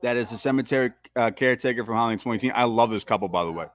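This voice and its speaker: A man hosting a live movie commentary, riffing excitedly and swearing as he reacts. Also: medium pitch, very fast. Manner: excitable, profane fan riffing.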